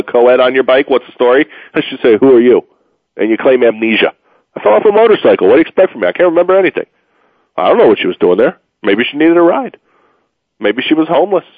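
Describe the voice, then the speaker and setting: A man's voice: mid-range voice, dry recording. A man hosting a casual sports talk radio show, rambling and joking with plenty of fillers, tired from moving. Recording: phone-like, dry radio audio.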